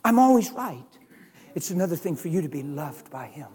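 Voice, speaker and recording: A man preaching a sermon, telling a personal story and swinging from hushed, soft lines to loud, emphatic ones. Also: a little high, very animated, moderate pace, slightly rough, long reverb tail.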